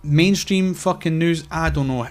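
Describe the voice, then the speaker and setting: A man's voice: a little high, a little slow, faint music behind. A man co-hosting a casual podcast chat, talking emphatically and swearing often. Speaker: podcast co-host.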